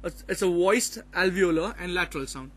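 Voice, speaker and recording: A man's voice: high voice, expressive, brisk, fairly bright tone. A man presenting a phonetics topic in class, partly reading out his notes and hesitating often with fillers. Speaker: student presenter.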